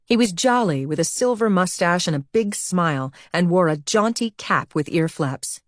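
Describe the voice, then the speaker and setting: A woman narrating an audiobook with even, measured storytelling. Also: on the low side, dry recording, clean studio sound. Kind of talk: scripted narration.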